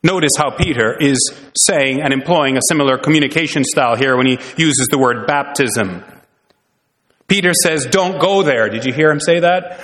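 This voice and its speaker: A pastor preaches a sermon in a church sanctuary, earnest and full of rhetorical questions. His mid-range voice is a bit bright, and long church-hall reverb fills the recording.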